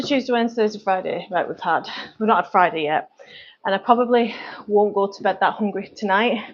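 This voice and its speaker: A woman's voice: medium pitch, lo-fi sound, slight background noise. A woman with a Manchester accent chatting casually as a fitness coach on a live stream, rambling with lots of fillers. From North West England.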